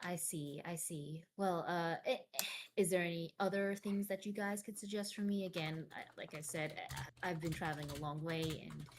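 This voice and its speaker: A woman's voice: on the low side, normal speed, a little hiss or hum, natural voice. A woman playing a weary, drifting former bodyguard in a tabletop game, speaking politely in a hesitant, rambling way. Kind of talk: tabletop role-play in character.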